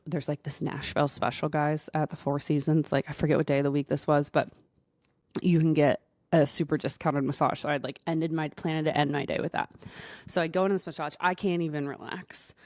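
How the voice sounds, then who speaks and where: A woman with a low-pitched voice hosts her own podcast as a doctor, telling a personal story. Her talk is loose and chatty, full of "like" fillers. The sound is dry and close, with no room around it. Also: level tone, fairly quick, dry recording. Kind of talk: casual storytelling monologue.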